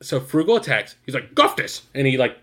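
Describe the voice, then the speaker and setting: A man co-hosting a podcast, telling stories in an animated, profane, exasperated way. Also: mid-range voice, quick pace. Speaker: podcast co-host. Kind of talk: casual podcast chat.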